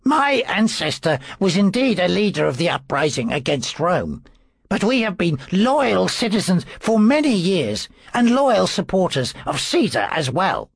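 Man doing a high-pitched priest, pompous, solemn, slow, swooping, husky. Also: very animated, no room sound, exaggerated voice. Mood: earnest. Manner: high, drawn-out and complacent. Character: pompous solemn male priest, indignant when crossed. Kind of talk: audiobook character voice.

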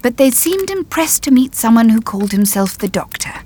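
A woman narrating a story in the first person, measured and tense. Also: fairly high pitch, big pitch swings, dark tone, a little hiss or hum. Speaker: audiobook narrator.

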